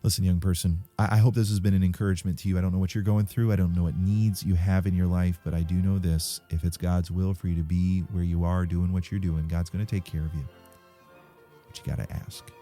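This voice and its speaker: A man preaching to young people, urging them with stories and sudden quiet drops, recorded close and dry. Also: deep voice, level tone, fast talker, few pauses, soft background music.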